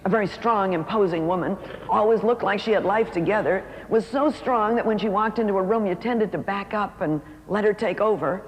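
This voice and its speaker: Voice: mid-range voice, brisk. Speaker telling a story in a hall. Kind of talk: storytelling sermon talk. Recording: reverberant hall with faint noise.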